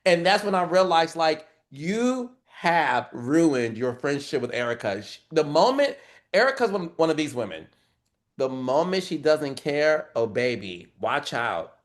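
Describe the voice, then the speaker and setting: A man hosts a loose recap chat about reality TV. He talks fast and theatrically, acting out quoted lines in high, squealing voices. His everyday voice sits a little high. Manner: animated, dramatic retellings with squealing quoted lines. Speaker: podcast host.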